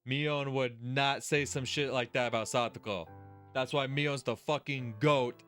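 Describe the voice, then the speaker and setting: A man's voice: medium pitch, steady tone, measured pace, a bit bright, faint music behind. A young man doing a let's play of a visual novel, reading the story text aloud and breaking off into heated, profane rants at the characters. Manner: profane, heated ranting, mocking whiny put-on voices.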